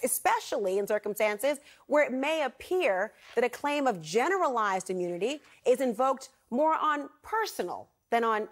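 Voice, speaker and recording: Woman, news anchor, fairly high voice, pointed emphatic studio delivery. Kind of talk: scripted news presentation. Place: television studio.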